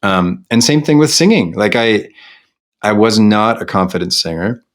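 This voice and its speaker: A middle-aged Canadian singer-songwriter speaks candidly as an interview guest, reflective and self-deprecating, with many restarts. His voice is lowish and his pace moderate.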